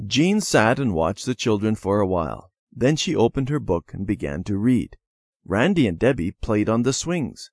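A man reading a children's story lesson in a measured storybook manner. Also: on the low side, very animated, darkish tone, dry recording, studio quality. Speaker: reader. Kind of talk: scripted narration of a children's lesson.

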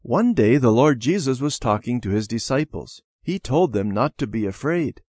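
A man voicing a kind old grandmother in a storybook, telling a bedtime story in a gentle, soothing way. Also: mid-range voice, expressive, normal speed, no echo, studio quality, close to an everyday voice.

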